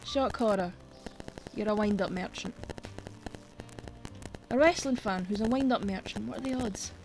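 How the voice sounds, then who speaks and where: A woman's voice: medium pitch, moderate pace, background noise. A Scottish woman streaming, chatting casually and bluntly while she plays, swearing freely. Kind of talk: casual chat while gaming.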